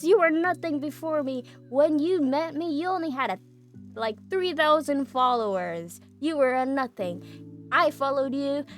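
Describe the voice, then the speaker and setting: Shrill, furious influencer woman, put on by a female storyteller. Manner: yelling, shrill and raised. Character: loud furious woman influencer, bitter and entitled.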